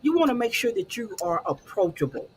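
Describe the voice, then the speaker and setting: A woman's voice: a little high, big pitch swings, fairly quick, a little hiss or hum. A woman hosting a casual talk show, encouraging and conversational, with frequent fillers.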